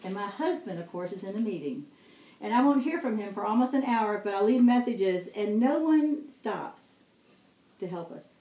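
A middle-aged woman giving a devotional talk, telling a personal story with lively quoted dialogue and laughing asides. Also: medium pitch, moderate pace. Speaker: speaker sharing testimony. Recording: echoey room with faint ambience.

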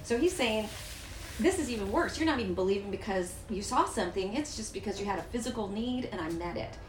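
A woman's voice: mid-range voice, expressive, quick pace, roomy sound, far from the mic, a little hiss or hum, low-quality recording. A woman leading a Bible study, explaining the text in a chatty way, asking the group questions and reading passages aloud. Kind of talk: teaching and reading scripture aloud. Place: room with a small group.

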